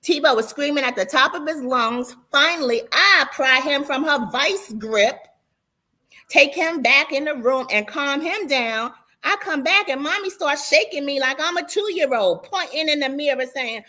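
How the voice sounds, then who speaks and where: A woman narrating her own story as an audiobook in an animated, dramatic and sassy manner. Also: sits high, unhurried.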